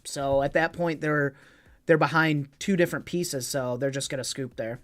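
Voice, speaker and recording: A man's voice: fairly high pitch, steady tone, normal speed, fairly bright tone. A man casually commenting on his own online card game as a streamer, joking with chat and swearing freely.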